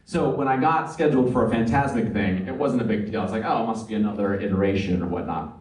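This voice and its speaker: A male voice actor with a lowish, slightly mellow voice speaks at a quick pace, sharing earnest, nostalgic anecdotes on a live fan convention panel. His storytelling is filled with fillers. The recording comes from a distance in an echoey room.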